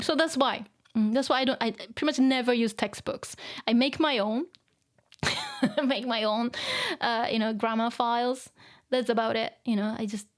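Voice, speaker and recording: A woman's voice: on the high side, gravelly. A woman whose first language is Japanese, chatting casually on a live stream, reading out viewer comments, laughing often and using many fillers.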